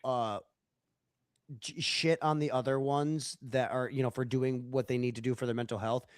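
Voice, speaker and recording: A man's voice: medium pitch, steady tone, normal speed, clean tone, no room sound, clean studio sound. A man hosting a podcast, joking along with his guest and speaking bluntly with plenty of swearing. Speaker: podcast host. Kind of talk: casual podcast chat.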